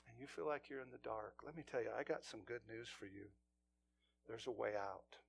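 A man preaching a sermon, telling stories in an earnest way, sometimes hushed and sometimes intense. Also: on the high side. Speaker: pastor.

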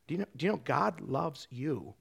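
A man preaching a sermon, telling a story in a loose, conversational way with many restarts, dropping his voice low for quoted lines. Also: lively intonation, normal speed, vocal fry, husky. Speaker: pastor.

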